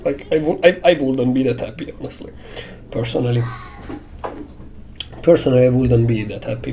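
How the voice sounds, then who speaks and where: A man's voice: mid-range voice, darkish tone. A man, a streamer talking casually to his chat in an exasperated, heavily swearing rant.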